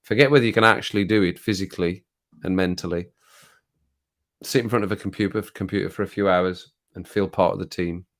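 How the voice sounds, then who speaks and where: A man's voice: low-pitched, steady tone, brisk. Man, streamer host, easygoing natter with viewers, reads chat aloud, laughs a lot. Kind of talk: casual live-stream chat.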